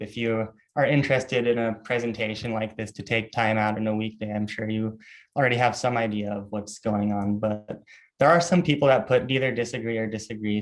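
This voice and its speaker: A man's voice: mid-range voice, low-quality recording. Young man reading definitions on a call. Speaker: student group officer, moderator.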